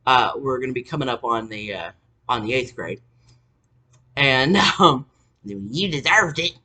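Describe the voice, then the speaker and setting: A woman's voice: rumbling low, animated, unhurried, pushed and bright. A woman telling a family story to camera in an exasperated, sarcastic rant full of curse words. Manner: exasperated, heavily cursing, sarcastic.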